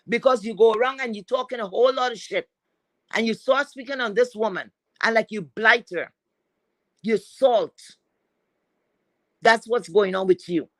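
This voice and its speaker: A woman's voice: a little high, moderate pace, long pauses, no room sound, poor audio. A woman commentator on a livestream, ranting in a blunt, profane, scolding way. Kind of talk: heated commentary rant.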